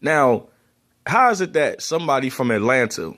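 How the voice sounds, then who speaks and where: A man's voice: mid-range voice, very animated, moderate pace, fairly bright tone. A man from Baltimore with a heavy Baltimore accent, talking casually to camera with plenty of ums and restarts. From Baltimore, USA. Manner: conversational, many ums and repeated words. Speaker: vlogger.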